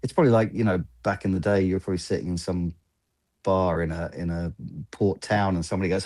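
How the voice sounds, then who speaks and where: A man in his fifties with a deep, dark, mellow voice tells casual, rambling stories from film sets. He keeps slipping into the voices of people he quotes, acting out the back-and-forth. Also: fairly even intonation, fast talker. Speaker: film lighting gaffer, guest. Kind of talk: casual interview storytelling.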